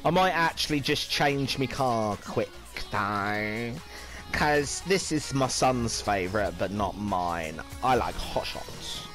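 A man's voice: mid-range voice, expressive, takes it slowly, a bit bright, soft background music. A man with a Northern English accent chatting playfully as he plays and commentates on a video game. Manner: chatty, playful, exclaims and sings little phrases. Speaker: gaming video host. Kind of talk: casual gameplay commentary.

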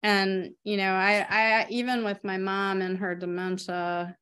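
A woman's voice: mid-range voice, little pitch movement, a little slow, fairly bright tone, smooth. A middle-aged woman, teaching a parish faith class in a personal, conversational way with many fillers. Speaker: RCIA catechist. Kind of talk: casual teaching talk.

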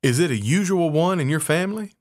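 A man voicing an eager, excitable little female mouse who asks questions. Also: a little high, a little fast, no echo, clean studio sound, voice pushed up, close to an everyday voice. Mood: puzzled.

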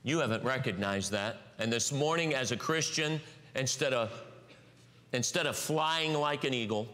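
A man preaching a sermon in a church, telling a story and dropping low and quiet at the ends of phrases before rising again. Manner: storytelling, swings from hushed lows to raised highs. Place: church sanctuary. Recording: long hall reverb.

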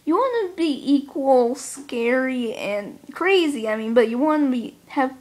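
Chatty high-voiced young woman vlogger. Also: unhurried. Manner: chatty, excitable, self-mocking. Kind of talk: casual countdown vlog.

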